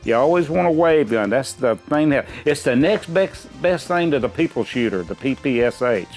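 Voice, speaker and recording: A middle-aged man rambles through his answers in a folksy, easygoing way, stopping and restarting often. His pitch sits in an ordinary middle range, with soft music playing faintly behind him. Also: lively intonation, moderate pace. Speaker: quiz contestant. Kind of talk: casual chat.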